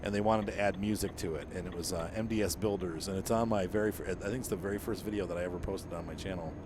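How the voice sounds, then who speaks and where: A man's voice: low voice, fairly even intonation, quick pace, noisy background. A middle-aged man hosting a gaming channel, telling a meandering story in a casual monologue full of fillers and self-corrections.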